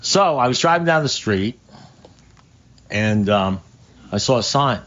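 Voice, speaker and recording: Man, meeting speaker, casual profane storytelling, lots of restarts, mid pitch, slightly muffled recording. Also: animated, a little slow, long pauses, fairly bright tone.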